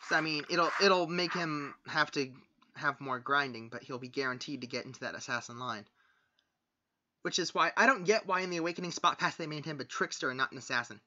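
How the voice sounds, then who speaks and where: A man in a casual podcast chat about video games, asking quick questions and pitching ideas. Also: pushed and bright. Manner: inquisitive, quick questions and suggestions. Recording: dull lo-fi mic.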